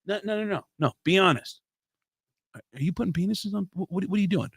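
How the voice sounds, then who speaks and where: A man voicing a weary tattoo shop worker who talks in a low, flat, matter-of-fact way. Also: fairly quick, creaky, breathy edge, no echo, studio quality, heavily acted. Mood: deadpan.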